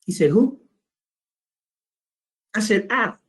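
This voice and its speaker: Man, high-pitched, streetwise trading instructor, blunt storyteller. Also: lively intonation, slow. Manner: streetwise, blunt, profane, quotes both sides of a phone call. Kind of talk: storytelling lecture to students.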